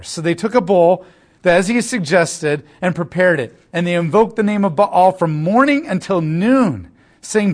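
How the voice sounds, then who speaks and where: A man preaching an expository sermon, retelling the story with animated, sarcastic asides and rhetorical questions. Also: sits high, normal speed. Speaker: pastor.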